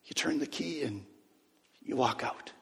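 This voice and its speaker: A man preaching a sermon, telling a story and dropping to a hush on key lines. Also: mid-range voice, animated, a little slow, creaky, husky. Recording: long hall reverb.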